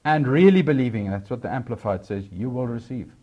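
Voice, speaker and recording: A man delivers a sermon at a middle pitch. He swings between raised, emphatic lines and low, quieter asides. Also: expressive, a little fast, lo-fi sound. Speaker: preacher.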